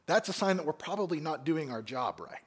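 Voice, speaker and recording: A man's voice: on the high side, fairly quick, slightly rough. A male pastor preaching an expository sermon in a church, asking his listeners many questions. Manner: animated, asks the congregation many questions. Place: church sanctuary.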